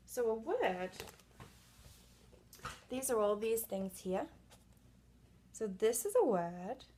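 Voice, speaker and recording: A young woman giving a read-aloud literacy lesson to small children, explaining slowly and patiently and checking in with "okay?" as she goes. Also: mid-range voice, dark tone, a little hiss or hum. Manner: claps and calls out syllables, some words half-whispered. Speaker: reading teacher.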